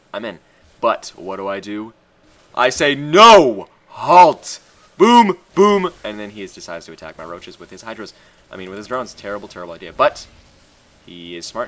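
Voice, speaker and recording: A man talks through his own strategy game match in a casual, excitable way. His voice is lowish but bright and forceful, and he swears freely and breaks into sudden loud shouts. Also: a little hiss or hum.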